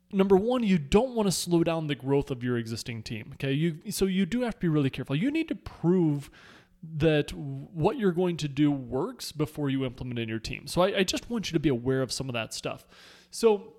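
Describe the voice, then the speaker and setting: Animated man giving casual advice. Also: a little high. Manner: animated, repeats words when searching for phrasing. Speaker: network marketing team leader.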